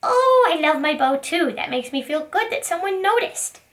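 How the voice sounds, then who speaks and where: A woman voicing a shy young male puppet student, soft and a little hesitant. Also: very high voice, sing-song, moderate pace, voice pushed up, full character voice. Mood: pleased.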